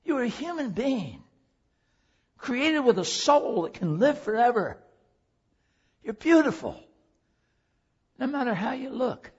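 A man preaching a sermon through a personal story, impassioned, swinging from loud pleading down to a hush. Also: extremely high pitch, sing-song, slow, long pauses, slightly rough, dull audio. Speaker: preacher and teacher.

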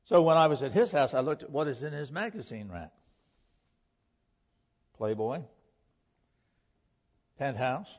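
A man's voice: mid-range voice, lively intonation, measured pace, long pauses, darkish tone. A man preaching a sermon in a church, asking earnest rhetorical questions and shifting his emphasis often. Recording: lo-fi dull sound.

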